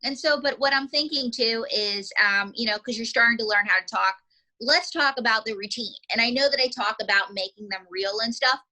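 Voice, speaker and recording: Bright, slightly high woman coaching a beginner, chatty and demonstrative. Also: a little fast, poor audio. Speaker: ventriloquism teacher. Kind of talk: casual instruction.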